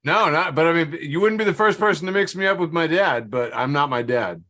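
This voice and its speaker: A man's voice: fairly high pitch, lively intonation, fairly quick, hardly any pauses, sharp tone. A man with a neutral Midwestern American accent, a comedian bantering dryly on a video call. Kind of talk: casual banter.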